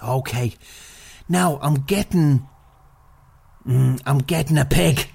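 A man's voice: mid-range voice, slow pace, gravelly, darkish tone, husky, voice pushed down, full character voice. A man playing a crude, boastful fake psychic in improvised comedy, swearing freely. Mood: brash, crude. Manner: swearing, brash, mock-mystical. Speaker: comic psychic character.

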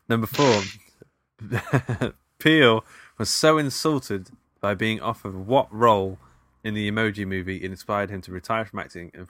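A man's voice: on the low side, a bit bright. A man co-hosting a casual film podcast, reading out trivia questions and teasing his co-host. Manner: quizzing with playful banter.

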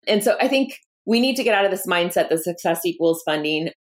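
Woman founder, 30s, candid and lively in interview, slips into quoted voices. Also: fairly low pitch, fast. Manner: animated, acts out quoted dialogue, laughs often. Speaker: founder and guest.

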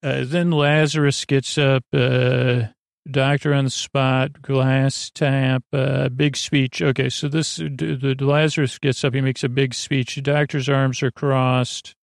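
A man with a gravelly, creaky voice hosts a podcast and casually recaps an episode, wandering through the plot with frequent pauses and filler sounds. His voice is recorded close and dry, with no room sound, and sits at an ordinary pitch. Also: little pitch movement, dry recording. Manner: rambling, halting retelling full of filler sounds. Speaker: podcast host.

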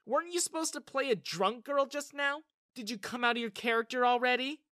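A woman voicing a blunt, protective young woman with a sharp, scoffing way of talking. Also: high-pitched, fairly quick, dry recording, studio quality, pitched above the performer's own voice. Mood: scornful.

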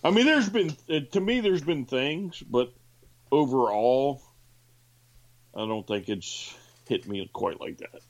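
A man's voice: medium pitch, expressive, slow, dull audio. A man co-hosting a casual wrestling chat, skeptical and teasing. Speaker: podcast co-host.

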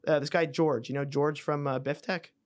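A man's voice: fairly high pitch, steady tone, normal speed. A man from Canada, a comedian guest on a podcast, telling stories in casual, swearing chat. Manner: swearing, storytelling, laughing often.

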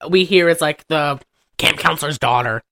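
A woman's voice: deep voice, moderate pace, creaky, a bit bright. A woman hosting a casual podcast chat, teasing her co-hosts and recapping a film's plot with jokes. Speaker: podcast host. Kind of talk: casual chat reviewing a movie.

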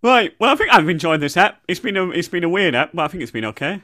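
Podcast co-host, animated and jokey, bright dry close-mic sound. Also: male voice, high voice, quick pace, no room sound. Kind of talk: casual comedy chat.

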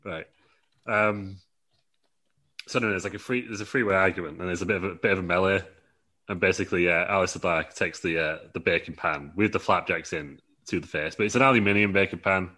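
A man with a fairly low voice, chatting casually on a podcast. He tells a long story in a loose, rambling way, chuckles through it and puts on quick voices for the people in it. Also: sharp tone. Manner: rambling, laughing, acting out quotes in put-on voices. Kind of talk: casual chat, pitching a wrestling storyline.

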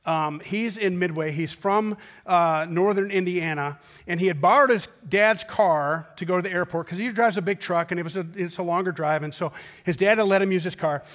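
A man's voice: high voice, a bit bright. A middle-aged man preaching a sermon in a conversational, storytelling way, building to emphatic, repeated points. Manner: anecdotal and emphatic, with rhythmic repetition. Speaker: pastor.

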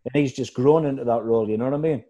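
Over a muffled recording, a medium-pitched man rattles off football stories at a rapid-fire pace. A former footballer guest in a casual chat, he tells animated anecdotes and acts out other people's shouting voices.

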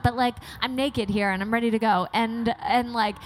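Frank, animated woman telling stories. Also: fairly high pitch, moderate pace, slight background noise. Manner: frank, animated storytelling with swearing. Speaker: podcast co-host. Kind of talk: candid casual chat.

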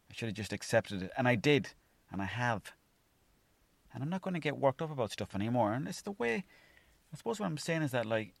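A man's voice: mid-range voice, dry recording. A young Irish man from Mayo rambling through a solo podcast story, swearing freely and acting out his own thoughts. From Ireland. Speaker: podcast host.

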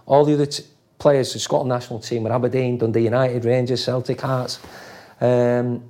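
Casting: middle-aged man, mellow voice, lively raconteur who acts out quotes. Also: medium pitch, a little fast. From England, raised in Leeds. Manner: animated storyteller acting out quoted voices, swears freely. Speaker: former footballer guest. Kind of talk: casual storytelling interview.

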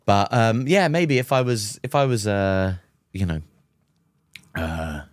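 A man's voice: lowish voice, animated, takes it slowly, no echo. A man co-hosting a podcast in casual chat, making wry, dry quips. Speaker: podcast co-host.

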